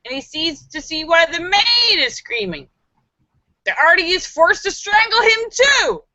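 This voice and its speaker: A woman hosting a live stream, reading viewers' jokes aloud and acting out the voices with giggly, animated delivery. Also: extremely high pitch, unhurried, no echo, highs cut off. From Los Angeles area.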